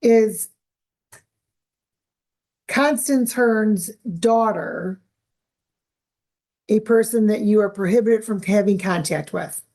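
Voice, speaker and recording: A woman serving as a judge runs the hearing in a formal, brisk manner and interrupts firmly when she needs to. Her voice has a mellow, darker tone and sits at a middle pitch. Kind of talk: courtroom proceedings. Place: courtroom.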